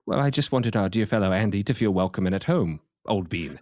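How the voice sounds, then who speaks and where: A man's voice: fairly low pitch, lively intonation, fairly quick, a little mellow, no echo, clean studio sound, natural voice. A man voicing a pompous male radio host in a put-on British accent, with stilted, pretentious wording. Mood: feigned innocence.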